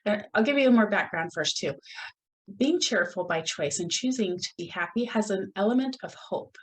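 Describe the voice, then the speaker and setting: A woman hosting her own podcast, talking in an earnest, reflective way with pauses and restarts. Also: medium pitch, lively intonation, rough recording. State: gets emotional at moments. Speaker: podcast host. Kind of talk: solo podcast talk.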